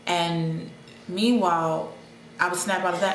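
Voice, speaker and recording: A woman's voice: fairly low pitch, steady tone, moderate pace. A young adult woman talking in a casual, rambling vlog monologue, with many restarts. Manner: rambling, chatty, with frequent restarts and laughs. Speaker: vlogger. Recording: echoey room with faint ambient noise.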